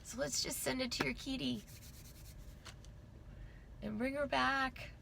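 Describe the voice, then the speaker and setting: A woman's voice: sits high, fairly even intonation, slow, vocal fry, noisy background. A woman hosting an intuitive astrology live stream from inside her car, gushing and emotional, near tears at times, then leading a guided meditation.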